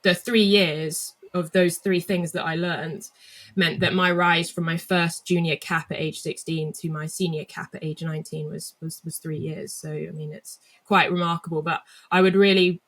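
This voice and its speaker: A young woman from England speaking as an interview guest. She tells her story reflectively, with frequent fillers and restarts. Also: low-pitched. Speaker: guest athlete.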